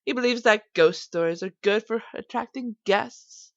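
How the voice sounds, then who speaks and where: A woman's voice: a little high, normal speed, no room sound, close to an everyday voice. A woman voicing a cold, haughty rich hotel-owner woman who speaks curtly and dismissively, in a dull lo-fi recording. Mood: cool, dismissive. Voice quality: curt, dismissive.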